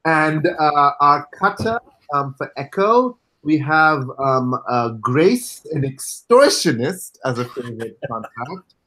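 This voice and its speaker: A man running a tabletop game as game master, who explains character setup in an unhurried, wry way with many fillers. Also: fairly high pitch, very animated, bright, forceful tone, poor audio.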